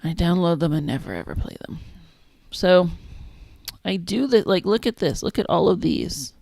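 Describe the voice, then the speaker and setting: A woman casually chatting on a livestream as she makes a zine, thinking out loud and trailing off mid-sentence. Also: lowish voice, expressive, normal speed, gravelly, no room sound. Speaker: zine maker streaming her work. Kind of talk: casual livestream chat while working.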